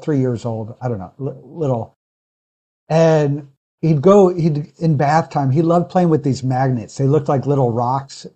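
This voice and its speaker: A man's voice: mid-range voice, warm tone. Earnest male pastor telling a story. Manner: earnest, reflective, with frequent restarts. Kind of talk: casual interview storytelling.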